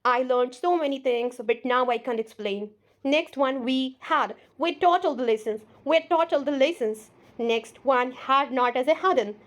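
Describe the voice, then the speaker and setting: A young woman teaches an English lesson in an Indian English accent. Her voice sits a little high, and she drills each phrase by saying it twice, slowly and deliberately. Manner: slow, repetitive drilling of example sentences.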